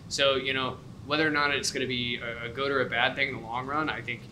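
A man's voice: mid-range voice, little pitch movement, fast talker. A man on a podcast, talking things through with many fillers. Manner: thoughtful, lots of fillers like you know and um. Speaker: podcast co-host. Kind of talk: casual podcast discussion. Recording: noisy podcast recording.

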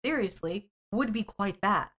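A woman in casual political chat, reasoning through her points in a measured way. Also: medium pitch, lively intonation, fairly bright tone, husky. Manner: measured, reasoning aloud, laughs lightly.

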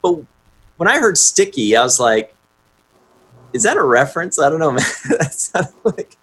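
A man's voice: on the high side, very animated, normal speed, a bit bright, husky. A man chatting casually as podcast co-host, eager and rambling like a self-described nerd. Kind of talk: casual chat.

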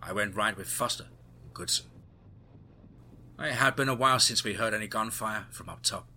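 A male storyteller narrating a first-person adventure in a steady voice. His voice sits fairly low, with a husky texture and a strikingly bright edge. Faint music plays underneath. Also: normal speed.

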